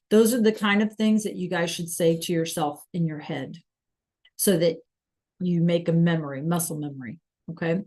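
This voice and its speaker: A woman's voice: fairly low pitch, steady tone, normal speed, darkish tone. A woman teaching a live online Spanish class, patiently coaxing students and repeating verb endings.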